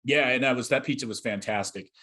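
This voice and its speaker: A man's voice: mid-range voice, quick pace, bright, forceful tone. A middle-aged man co-hosting a podcast, rambling casually with fillers and restarts. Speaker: podcast co-host.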